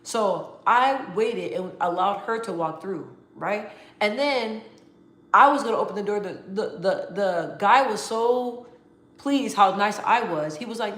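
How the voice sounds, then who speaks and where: A woman vlogging casually to her viewers, talking in an animated, emphatic way with slang and frequent restarts. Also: medium pitch, a little slow, reverberant. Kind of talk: casual talk to camera.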